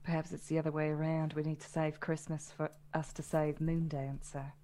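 A woman's voice: sits low, little pitch movement, normal speed, dark tone, slight background noise. A woman playing in a casual tabletop game. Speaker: player.

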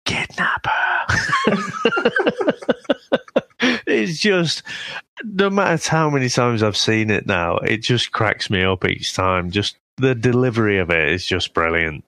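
Guy, low voice that swings up and down a lot, laughing while he retells movie bits, dry close sound. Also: animated, moderate pace, sharp tone, dry recording. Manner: laughs often, quotes film lines. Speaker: film review podcast co-host. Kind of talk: casual chat.

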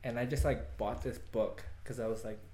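A man's voice: mid-range voice, fairly even intonation, moderate pace, warm tone, reverberant. A young man telling a rambling story in casual chat, filling his talk with "like" and laughing often.

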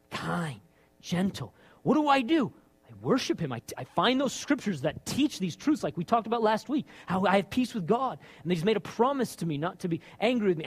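A man's voice: high-pitched, breathy edge. A man preaching a sermon in a conversational way, asking rhetorical questions and acting out lines of dialogue. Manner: animated, acts out his own and God's lines.

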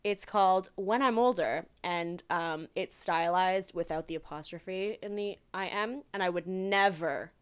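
A woman's voice: lowish voice, a little slow, few pauses, smooth. Young woman, podcast co-host, casual chat, wry, laughs a lot, swears.

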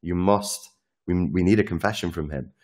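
A man quoting a king who writes to his torturers, speaking slowly in an earnest, genteel way. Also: low-pitched, darkish tone, close to an everyday voice. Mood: pleading. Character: pleading old-fashioned male king writing to his torturers.

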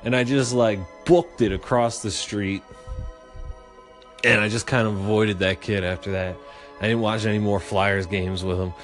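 A man's voice: lowish voice, normal speed. Young man, podcast host, casual swearing storyteller, faint music behind. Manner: profane, rambling, animated.

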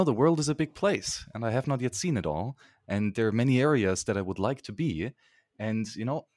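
A low-voiced man answers podcast questions in a friendly, thoughtful way, full of small fillers. His voice sounds dry and close. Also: a little mellow, no room sound. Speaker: podcast guest. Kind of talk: casual interview talk.

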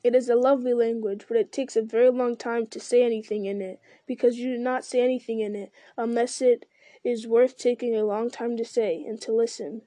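A woman reading aloud and voicing an ancient, slow-spoken male tree giant who muses with hums and never hurries. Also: fairly high pitch, level tone, mellow, no room sound, natural voice. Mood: musing. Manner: slow, deliberate, musing with hums. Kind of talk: reading a fantasy novel aloud.

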